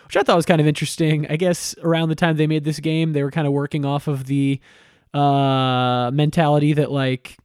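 A man's voice: a little high, little pitch movement, a little fast, a little mellow, clear, resonant tone, dry recording, clean studio sound. A man casually recapping a video game story, chatty and irreverent, with swearing and lots of fillers.

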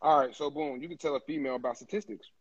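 Animated guy on a podcast, cusses a lot, kinda dull muffled audio. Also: on the high side, rapid-fire, crowd noise. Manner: animated, emphatic, swears freely. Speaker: podcast co-host. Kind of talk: casual chat.

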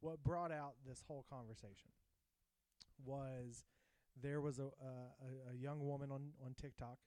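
A man co-hosting a podcast, chatting casually in a rambling, halting way as he reads out a list of results. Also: mid-range voice, steady tone, warm tone, no room sound, poor audio. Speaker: podcast co-host. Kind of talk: casual chat.

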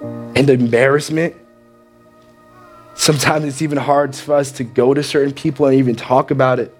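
A man's voice: medium pitch, moderate pace, faint music behind. A man preaching in church, telling a story with energy and acting out the characters. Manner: animated, acts out the characters. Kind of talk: sermon storytelling.

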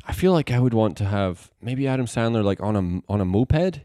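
A man co-hosting a comedy podcast, rambling and animated. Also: on the low side, brisk, no room sound, studio quality. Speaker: podcast co-host. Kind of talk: casual comedic chat.

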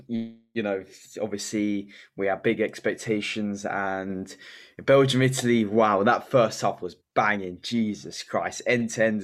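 A man co-hosting a casual football podcast, excitable and full of fillers and restarts. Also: fairly low pitch. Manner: hesitant, filler-heavy, excitable. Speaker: podcast co-host.

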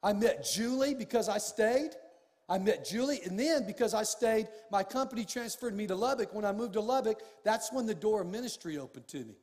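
A pastor with a high male voice delivers an expressive, fairly quick sermon in a church sanctuary, preaching in a storytelling style that rises to emphatic shouts. The church hall gives the recording a long reverb.

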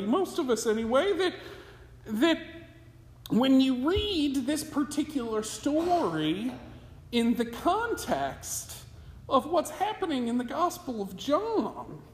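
Slow, animated preacher in an echoey hall. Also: sits high. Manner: conversational preaching with rhetorical questions. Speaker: pastor. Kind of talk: sermon. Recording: echoey hall with long reverb.

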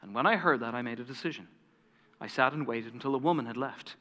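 Brief: pastor, male, bright, crisp tone, long hall reverb. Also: mid-range voice, quick pace. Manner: dramatic storyteller, drops to a hush. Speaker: lead pastor. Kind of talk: storytelling sermon.

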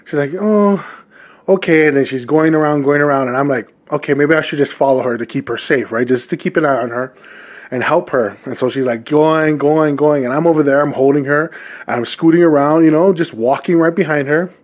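Podcast host from Hawaii, thirties, slightly high voice, animated casual storytelling, dull lo-fi recording. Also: male voice, brisk. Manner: animated, talks straight to listeners. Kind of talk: casual monologue.

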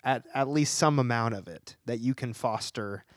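A man's voice: mid-range voice, moderate pace, no room sound, clean studio sound. Enthusiastic man gushing about a film. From Chattanooga, Tennessee. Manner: enthusiastic, laughs often while talking. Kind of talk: casual movie discussion.

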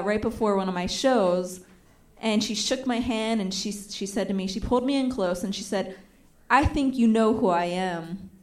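A young adult woman telling a stand-up comedy story, acting out the voices of the people in it, with audience laughter behind her. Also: mid-range voice. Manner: animated, acts out quoted voices.

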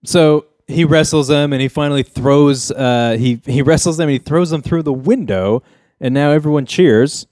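A man's voice: on the high side, normal speed, darkish tone, no room sound. Joking man retelling a sitcom plot. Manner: joking storyteller, mimics characters' lines. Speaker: podcast host recapping a sitcom episode. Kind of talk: casual chat.

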